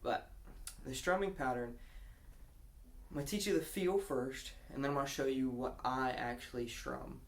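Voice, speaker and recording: A man's voice: mid-range voice, normal speed, gravelly. Man teaching a guitar lesson. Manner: counts beats and sings lines aloud while explaining.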